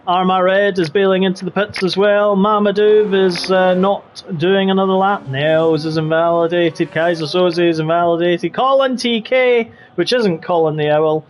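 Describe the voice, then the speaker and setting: A man's voice: high voice, steady tone, normal speed, slight background noise. A young man calling a sim race live as commentator, keeping up a playful, joking patter over the action. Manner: jokey, playful running commentary.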